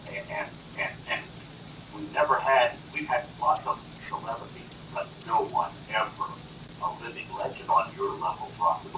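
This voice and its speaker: A man from North Carolina, a boastful and animated talk show guest in a TV studio. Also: fairly low pitch, distant mic. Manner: boastful, animated, does quick impressions. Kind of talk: boastful chat. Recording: echoey room, off-mic, noisy.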